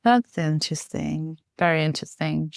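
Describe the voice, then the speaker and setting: A woman's voice: low voice, moderate pace, creaky, no room sound. A woman healer as a podcast guest, talking reflectively with lots of "just" and "like". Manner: reflective, many fillers like "just" and "like". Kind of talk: interview conversation.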